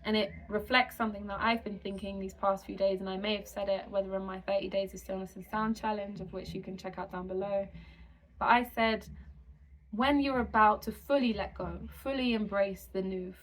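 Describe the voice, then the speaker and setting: A woman channeling a spiritual message to her viewers, speaking slowly and soothingly in repeated affirmations. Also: medium pitch, slight background noise, rough recording. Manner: slow, soothing, repetitive affirmations.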